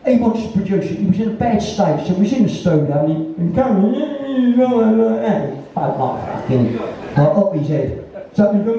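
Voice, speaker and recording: A man's voice: high-pitched, big pitch swings, fairly quick, mellow, dull audio. A Cockney man from East London in his sixties, telling rambling, foul-mouthed anecdotes on stage and acting out other people's voices. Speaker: guest storyteller. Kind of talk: live on-stage conversation. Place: venue in front of an audience. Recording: roomy, distant, faint noise.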